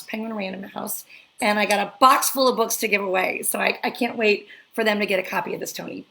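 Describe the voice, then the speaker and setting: Effusive woman hosting, creaky voice. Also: fairly high pitch, a bit bright, low-quality recording. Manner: effusive, emotional, reads a letter aloud. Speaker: host. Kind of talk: live online interview.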